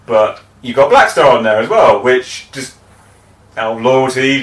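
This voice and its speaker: A man co-hosting a podcast in casual chat, telling animated stories and swearing freely. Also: medium pitch, measured pace. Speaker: podcast co-host. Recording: roomy echo, mic at a distance.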